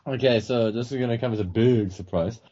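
A man's voice: mid-range voice, a little fast, warm tone, lo-fi sound. A man in a casual chat, playful and theatrical, joking around.

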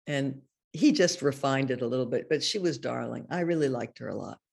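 Older lady swapping stories in an interview, gravelly fry in the voice, chatty, laughs a lot. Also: very deep voice, brisk, darkish tone. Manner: chatty, laughing often, many restarts. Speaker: interview guest. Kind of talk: casual anecdotal storytelling.

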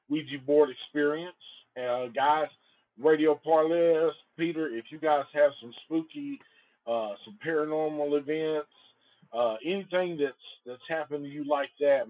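Male podcast host, loose and profane, tells stories animatedly; lo-fi phone-quality audio. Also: a little high. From Antioch. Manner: profane, rambling, animated storyteller. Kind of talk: casual storytelling.

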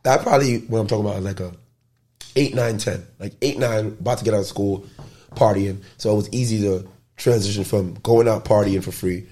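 A man's voice: fairly low pitch, brisk. A man from the Bronx, telling loose, slangy stories as an interview guest. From the Bronx, New York. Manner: loose, animated storytelling with slang and profanity. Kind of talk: casual storytelling interview.

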